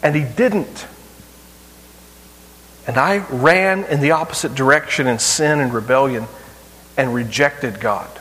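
A middle-aged man preaching a sermon as pastor, pressing rhetorical questions and swinging between loud and hushed delivery. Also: mid-range voice, measured pace, long pauses. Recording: long hall reverb.

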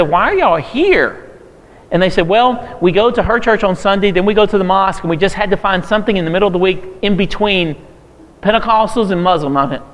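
Preacher guy telling stories, does the voices, bit of a higher voice, big echoey hall. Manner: storytelling, acting out quoted voices with humor. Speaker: pastor. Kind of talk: sermon-style talk to a church audience. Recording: long reverb of a large hall.

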